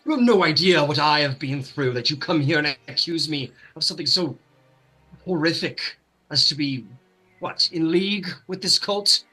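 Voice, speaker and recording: A man's voice: mid-range voice, measured pace, pauses often, pushed and bright, breathy edge, soft background music, heavily acted, poor audio. A man voicing a proud, defensive grieving villager who stammers in indignation. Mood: indignant.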